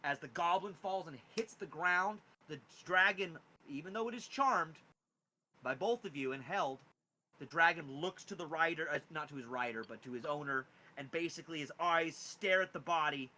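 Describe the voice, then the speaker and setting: A man narrating as game master of a tabletop game, animated and lively with frequent rising emphasis. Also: moderate pace, a little hiss or hum, low-quality recording. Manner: animated, pitch jumping on key words.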